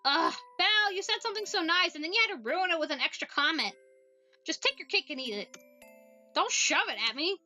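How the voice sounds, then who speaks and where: A woman's voice: very high-pitched, lively intonation, brisk, pushed and bright, soft background music, exaggerated voice. A woman voicing a blunt, impatient young girl who teases her friend in a snappy, sarcastic way in a voiced visual novel. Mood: annoyed.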